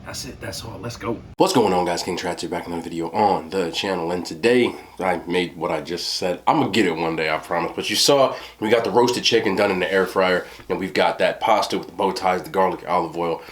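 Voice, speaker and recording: This young food vlogger's voice sits low, and he talks fast with few pauses. He keeps up a chatty, slangy stream of asides in his cooking and mukbang vlog, addressing viewers as y'all and bro.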